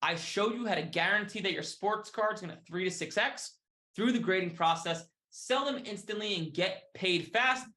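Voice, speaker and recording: Guy doing a pushy upbeat sales pitch, keeps tossing in "right?" and "okay?". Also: moderate pace, pushed and bright. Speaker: sales presenter. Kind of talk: hard-sell sales pitch.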